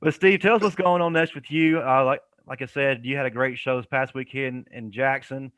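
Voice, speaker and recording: Upbeat host, dry sound. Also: male voice, medium pitch, fairly even intonation, moderate pace, a bit bright, smooth, no echo. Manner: laughing, enthusiastic. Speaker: show host. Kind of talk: casual chat.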